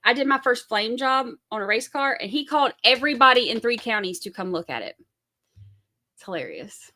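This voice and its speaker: A chatty Southern woman hosting a relaxed livestream from home, talking loosely to her viewers and reading their comments. Her voice is bright and forward, with an easy, rambling flow. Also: on the high side, fairly quick. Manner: chatty, rambling, reads chat aloud. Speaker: livestream host. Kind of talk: casual livestream chat.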